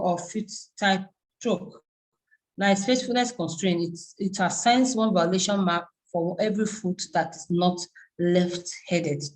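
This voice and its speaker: A woman with a Nigerian English accent giving a live online university lecture, reading out terms haltingly with frequent restarts and fillers. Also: lowish voice, darkish tone, poor audio.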